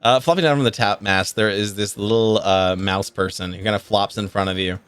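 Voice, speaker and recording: A man's voice: fairly low pitch, fairly quick, a bit bright, clear, resonant tone, no echo, faint music behind. A man narrating as game master of a tabletop game, rambling with many fillers, cursing and laughing along.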